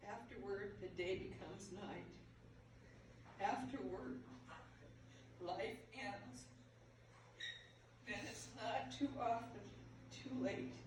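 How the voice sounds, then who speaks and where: An older woman giving a heartfelt memorial speech, halting and emotional, laughing through tears. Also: medium pitch. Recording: echoey hall from far off, with noise.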